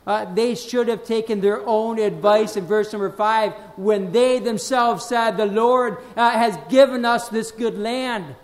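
A man with a notably high voice preaches a sermon, reading scripture with slow, swelling emphasis. Between readings he drops into quieter asides and speaks straight to his listeners, doubling his phrases for effect. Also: steady tone. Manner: addresses the congregation directly, repeats phrases.

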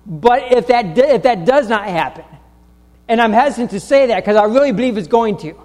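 A man preaching a sermon as pastor, talking haltingly with many restarts and fillers and pressing his points home with insistence. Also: extremely high pitch, expressive, darkish tone, big-room sound. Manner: grows emphatic and insistent. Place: church sanctuary.

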